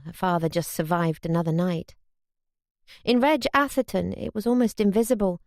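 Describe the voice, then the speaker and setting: A woman reading a wartime novel as an audiobook narrator, steady and measured. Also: mid-range voice, no room sound, clean studio sound. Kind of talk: scripted narration.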